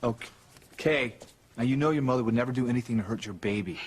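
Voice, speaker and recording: An actor playing a patient middle-aged father in a soap opera, trying to calm his daughter. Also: mid-range voice, fast talker, husky, natural voice. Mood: soothing. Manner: calming, soothing. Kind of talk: daytime soap opera acting.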